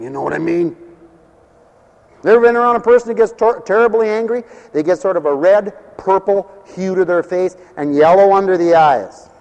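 A man preaching a sermon, telling Bible stories in an animated way and acting out the scenes. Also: high-pitched, long reverb tail.

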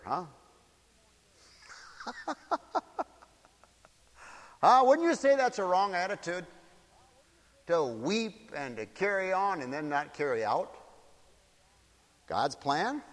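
A man preaching a sermon in an animated, mocking way, slipping into shrill wailing impressions. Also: big-room sound.

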